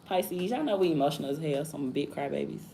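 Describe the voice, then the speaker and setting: A woman's voice: sits low, expressive, fast talker, mellow. A woman in her thirties livestreaming and talking casually in slang, often asking "you feel me?". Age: 30s. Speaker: livestream host. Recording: echoey room with faint background noise.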